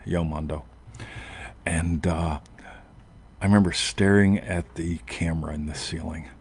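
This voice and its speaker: A man's voice: sits low, steady tone, unhurried, a little mellow, slightly rough. A man hosting a show, telling a long personal story in a rambling casual way and often asking "right?". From United States. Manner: rambling, self-interrupting, frequent "right?". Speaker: podcast host.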